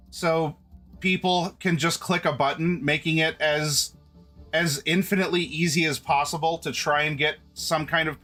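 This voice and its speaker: A man hosts a live stream, talking casually and directly to his viewers, often restarting mid-sentence. His voice sits high and sounds bright and forceful. Faint music plays behind him. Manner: chatty, restarts often, addresses chat directly. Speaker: streamer host.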